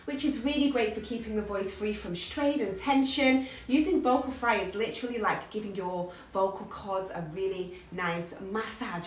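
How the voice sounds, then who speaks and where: A woman's voice: medium pitch, animated, normal speed, few pauses, a little hiss or hum. A woman vocal coach giving an upbeat, emphatic lesson on singing technique to her viewers. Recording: roomy sound from a distance, faint music.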